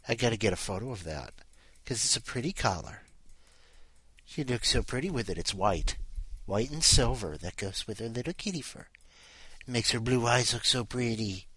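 A playful host who rambles and jokes, his bright voice swinging widely up and down. Dry, close sound with no room around it. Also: on the low side, expressive, normal speed, husky, no echo. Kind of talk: casual podcast chat.

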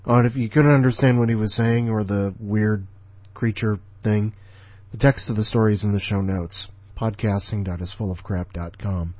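40s dude hosting his podcast, grumbly and sarcastic, low husky voice, dry muffled mic. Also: fairly even intonation, moderate pace, darkish tone, dry recording. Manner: offhand, grumbling, sardonic. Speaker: podcast host. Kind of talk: casual rambling chat.

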